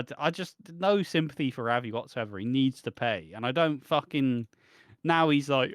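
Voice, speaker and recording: British man, podcast co-host, middle pitch, dry close sound, sweary ranter who mocks people in voices. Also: normal speed, dry recording. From Britain. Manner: sweary, animated ranting with mocking voices. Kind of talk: casual ranting chat.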